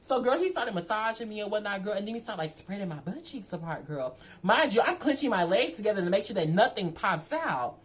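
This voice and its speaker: A young woman vlogger telling a storytime to her viewers in a sassy, animated way, often calling the listener "girl". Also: mid-range voice, fairly quick, few pauses.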